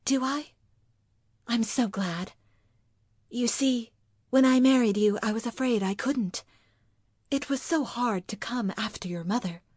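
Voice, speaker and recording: A woman's voice: a little high, measured pace, pauses often, darkish tone, no echo, clean studio sound, pitched above the performer's own voice. A woman voicing an earnest, pleading young wife. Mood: anxious. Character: anxious devoted young wife.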